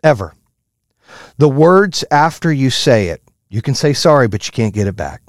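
A man giving a blunt, profane motivational rant, high-strung and fired up. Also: very animated, normal speed, no echo, studio quality. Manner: blunt, heavy swearing, fired-up. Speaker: motivational speaker.

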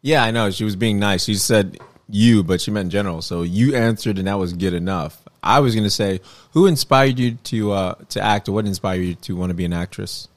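A man from New York hosting an interview, laid-back and quick to laugh. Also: on the low side. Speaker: host. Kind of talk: casual interview chat.

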